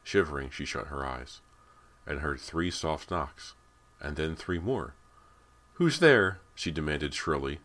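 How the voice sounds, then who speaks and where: A man with an extremely deep voice reads a horror audiobook aloud. His narration is measured and deliberate, slowing down at the tense moments and keeping an even pace.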